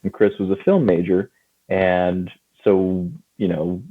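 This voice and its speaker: A man in his thirties from California, a guest on a podcast, telling his story in a lively way and laughing often. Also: low voice, takes it slowly. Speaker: guest comic writer and publisher. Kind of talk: casual podcast chat. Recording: tinny phone-like line.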